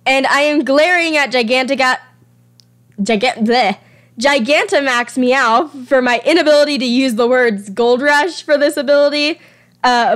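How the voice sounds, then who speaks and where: A young woman talking casually over her drawing at home, chatty and self-deprecating, sometimes tripping over her words. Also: sits high. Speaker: artist presenting her fan creature designs.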